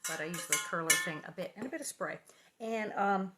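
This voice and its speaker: A woman's voice: mid-range voice, sing-song, brisk, fairly bright tone. A middle-aged woman hosting a casual livestream from her living room, chatting in a bubbly, rambling way with lots of asides. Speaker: livestream host reading aloud.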